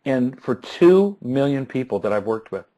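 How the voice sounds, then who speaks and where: A man in his fifties, a success coach, telling an animated story in an interview, chuckling and often restarting his words. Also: mid-range voice, normal speed, rough recording.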